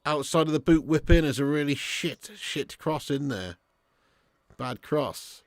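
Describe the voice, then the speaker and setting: Sweary lad hosting a football watch-along. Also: male voice, a little high, unhurried, no echo. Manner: sweary, laddish banter with frequent laughs. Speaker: live stream host.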